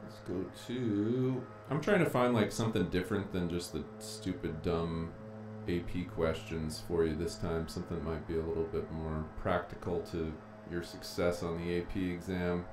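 A man's voice: deep voice, steady tone, moderate pace, few pauses, over music. A man teaching a casual live-streamed lesson, thinking aloud as he clicks through his files. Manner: chatty, thinking aloud while clicking around. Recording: echoey room with faint noise.

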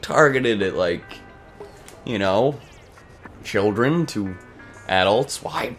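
Chatty young man, low and lively voice. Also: slow pace, pauses often, faint music behind. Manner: chatty, rambling, self-mocking. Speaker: gaming channel host. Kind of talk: casual let's-play commentary.

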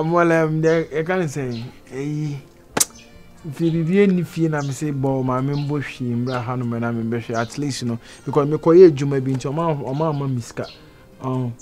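A man's voice: medium pitch, a little mellow, natural voice. A man playing someone explaining his money troubles, with a Ghanaian accent, in a Ghanaian movie.

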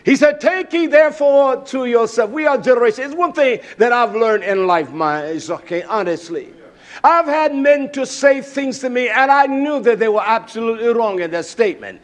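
A man preaching a sermon, emphatic, repeating key words, with frequent "uh" pauses and bursts of raised volume. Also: very high-pitched, animated.

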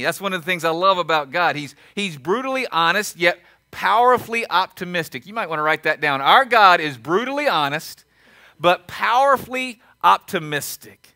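A man's voice: high-pitched, animated, normal speed, pushed and bright, no echo. A man pastor preaching a sermon, repeating his key lines and asking the congregation questions.

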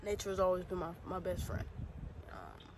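Out in nature, a young woman vlogs and chats playfully right to her viewers in a casual talk to camera. Her voice sits fairly low and has a sing-song lilt at a normal pace. The outdoor camera audio carries clear background noise.

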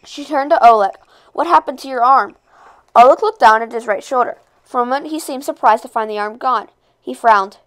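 A woman reading a novel aloud, expressive, with occasional slips and rereads. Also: a little high, fairly quick, smooth. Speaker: read-aloud narrator.

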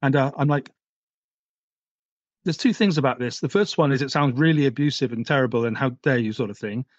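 A man's voice: medium pitch, a little fast, no echo. A man with a stutter, telling a candid personal story as a podcast guest in a wry, easygoing way. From Britain. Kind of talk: casual conversation. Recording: dry, slightly dull audio.

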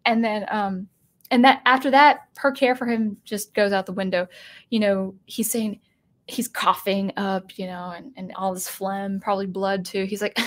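A woman hosting a spoken commentary video, animated and given to restarts, who acts out the lines she quotes. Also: mid-range voice, a little slow.

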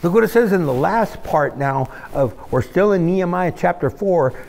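A male pastor, preaching a sermon in an animated style that swings between loud and hushed. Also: high-pitched, moderate pace, gravelly.

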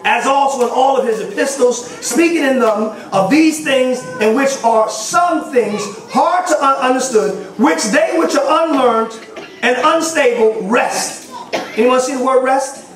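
Excitable high-pitched male preacher, recorded from a distance in a very echoey hall. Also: unhurried. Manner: excitable, laughs often, calls on the congregation. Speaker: bishop, preacher. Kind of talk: sermon. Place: church hall.

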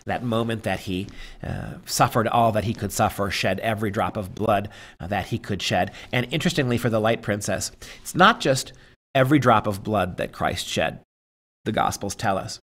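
A man giving an emphatic, preacherly lecture, moving between forceful stresses and hushed read-aloud passages from a story. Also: fairly low pitch, moderate pace.

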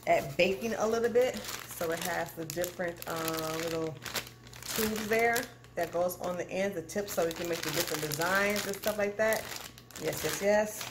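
A woman chatting casually to her viewers while unboxing in her home kitchen, animated and calling them "y'all". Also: on the low side. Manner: animated, addresses viewers as "y'all", frequent "okay?". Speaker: cooking channel vlogger. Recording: echoey kitchen with clear background noise.

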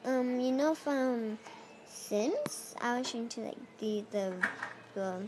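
A young girl making let's play videos chats casually to viewers while playing a block-building game, rambling, talking to herself and using non-native phrasing. The woman's voice is a little high, animated and slow, with a darkish tone. The audio is poor, with a little hiss or hum.

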